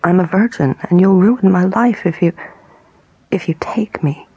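A woman voicing a frightened young woman in a whispered role-play, pleading desperately in a breathy voice. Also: sits low, measured pace, dry recording, dull audio, full character voice. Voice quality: breathy and husky.

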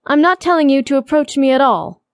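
A quick-tempered young heroine in a romance audiobook, sarcastic and easily exasperated, as the woman narrator reads her. Her voice sits fairly high and sounds close and dry. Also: very animated, dry recording.

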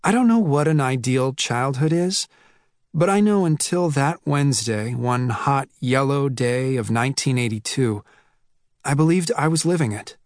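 A man narrates a first-person novel in a measured, reflective way, with a mid-range voice. He reads into a close mic in a dry booth with no room sound. Quoted lines come out a little raised. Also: medium pitch, expressive, no echo. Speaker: audiobook narrator. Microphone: close studio mic.

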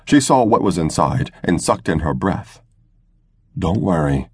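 Male audiobook narrator, very low, husky, measured delivery. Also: big pitch swings, dry recording, clean studio sound. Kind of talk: scripted narration.

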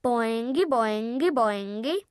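A narrator voicing a giddy, bouncing father, a newspaper reporter who teases his son in a playful, hushed way. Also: extremely high pitch, slow pace, no room sound, clean studio sound, pitched below the performer's own voice, exaggerated voice. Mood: teasing.

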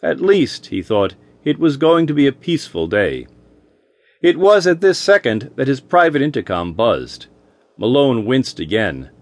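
A man narrating an audiobook in a wry, expressive storytelling manner. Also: medium pitch, a little slow.

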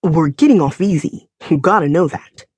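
A woman reading an audiobook, voicing a calm man who talks in a soothing, persuasive way while brokering a deal. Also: deep voice, normal speed, slightly rough, no echo. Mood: hushed.

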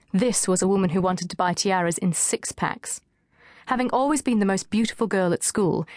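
Woman audiobook narrator, mid-pitched, wry delivery, dry studio read. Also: no room sound.

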